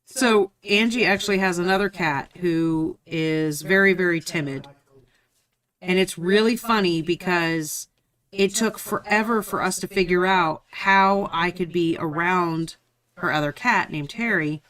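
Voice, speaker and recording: A woman's voice: on the low side, measured pace, fairly bright tone. Woman, casual live-stream chat, joking, exasperated, salty language. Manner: joking, exasperated, swears freely. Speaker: co-host of a painting stream.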